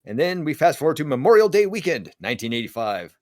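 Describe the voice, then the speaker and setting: Animated man telling a story. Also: on the high side, fast, no echo, clean studio sound. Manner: animated, acts out quoted voices. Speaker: podcast co-host. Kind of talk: casual storytelling chat.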